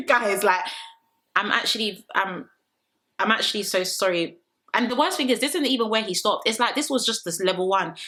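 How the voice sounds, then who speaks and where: Young female recap vlogger: bright, sassy, opinionated casual chat. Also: medium pitch, normal speed. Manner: opinionated, sassy, quotes people in mock voices. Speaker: reality show recap vlogger. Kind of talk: chatty recap to camera.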